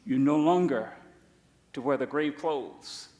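A man preaching a sermon, emphatic, swinging between loud declarations and quiet asides. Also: medium pitch, takes it slowly, reverberant, big-room sound.

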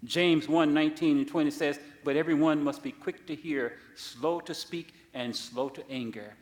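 A man pastor preaching a sermon, swinging from soft asides to loud, high-pitched emphasis. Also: fairly even intonation, normal speed. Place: church sanctuary. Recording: echoey church hall.

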